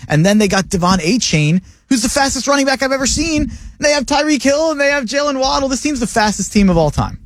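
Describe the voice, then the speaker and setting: A man co-hosting a sports radio show, talking casually and enthusiastically, his pitch jumping up when he gets excited. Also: quick pace, no echo. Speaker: co-host, draft analyst. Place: radio studio.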